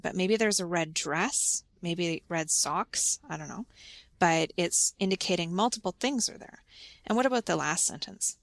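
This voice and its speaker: A woman hosting a conversational podcast interview about English pronunciation, asking guiding questions and explaining clearly. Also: fairly low pitch, a little slow, a bit bright, no room sound. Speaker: podcast host and English teacher.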